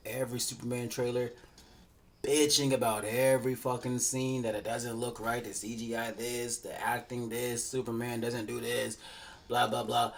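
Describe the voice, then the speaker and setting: A man hosting a reaction video, ranting in exasperation and swearing often as his voice rises. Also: mid-range voice. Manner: exasperated, swearing, rising to shouts. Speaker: reaction channel host.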